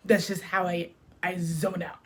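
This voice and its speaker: This young beauty vlogger has a lowish, level, fairly bright voice and takes her time. Doing her makeup, she chats casually through a storytime, often dropping "like" and "literally."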